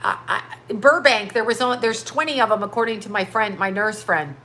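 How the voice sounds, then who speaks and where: A woman's voice: medium pitch, pushed and bright. A woman in her fifties hosting a livestream, talking in an impassioned, profane rant full of rhetorical questions. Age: 50s. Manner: emphatic, profane, rapid-fire rhetorical questions. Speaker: livestream host.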